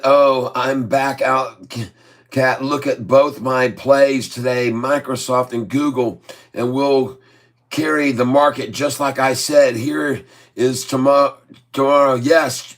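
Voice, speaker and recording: A man's voice: medium pitch, fairly even intonation, slow. A man hosting a casual stock-chat livestream, talking in a jokey, rambling way and chuckling often. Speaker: livestream host.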